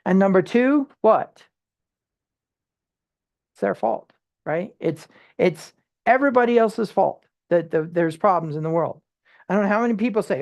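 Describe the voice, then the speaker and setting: A Bible study teacher speaking informally, with many rhetorical questions and quick restarts, sometimes acting out everyday people in short quoted asides. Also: medium pitch, vocal fry, darkish tone.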